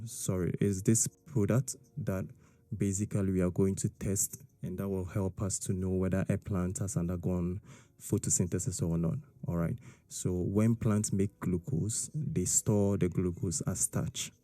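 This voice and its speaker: A man's voice: deep voice, mellow, dry recording. A man explaining a science lesson step by step, checking in often with "all right?" and "okay?". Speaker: science teacher.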